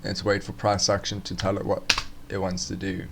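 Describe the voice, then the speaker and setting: A man's voice: low-pitched, monotone, moderate pace, vocal fry, noisy background. A man casually walking through forex charts on a live stream, thinking aloud with fillers and restarts.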